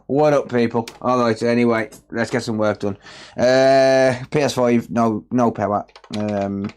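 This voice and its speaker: A man's voice: medium pitch, steady tone, measured pace, clean tone. A man hosting a live repair stream, joking bluntly with chat and reading out repair notes. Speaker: electronics repair livestream host. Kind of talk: casual livestream chat while working. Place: repair workbench indoors.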